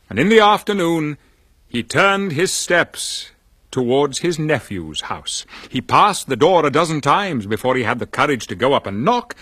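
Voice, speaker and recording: Slow, expressive male storyteller. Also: a little high, no echo, clean studio sound. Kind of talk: dramatic story reading.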